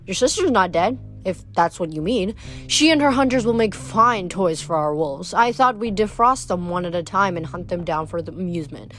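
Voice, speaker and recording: A woman's voice: fairly low pitch, fairly bright tone, soft background music, natural voice. A woman reading as a purring snow goddess. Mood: silky, scheming. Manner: purring, unhurried. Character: cold scheming female snow goddess. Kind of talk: read-aloud book narration.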